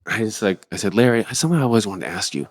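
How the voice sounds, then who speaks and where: Middle-aged male guest, low voice, lively rambling storyteller, casual and profane. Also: very fast. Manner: rambling, animated, swears freely. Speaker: podcast guest, drummer.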